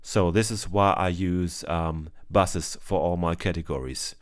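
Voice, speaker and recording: A music producer with a very low, smooth, clear voice teaches mixing, walking through a session at an even, unhurried pace. He explains each step plainly and fills pauses with ums, like a tutorial narrated over a screen recording.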